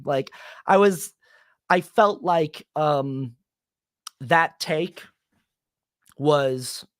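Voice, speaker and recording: A young man talking casually on his solo podcast, rambling with many fillers and restarts, and turning animated when he quotes people. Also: a little high, dry recording, studio quality. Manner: animated when quoting others. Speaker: podcast host.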